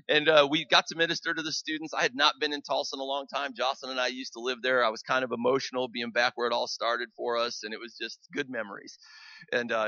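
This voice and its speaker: Male preacher, very bright and forceful tone, dry dull lo-fi sound, chatty testimony-style sermon with amens. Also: mid-range voice, no room sound. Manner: conversational, calls for amens.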